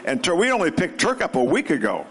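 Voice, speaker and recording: A man, a former quarterback, recalling a game on a panel in a halting, self-deprecating way. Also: on the high side, huge pitch swings, fairly bright tone, breathy edge. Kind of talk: recollecting on a panel. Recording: echoey hall.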